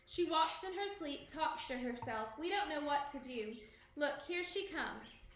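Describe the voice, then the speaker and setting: Lady doing a worried whispery maid, high bright voice. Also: expressive, a little slow, reverberant, slight background noise. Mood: anxious. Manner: hushed, confiding. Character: anxious gossiping lady-in-waiting.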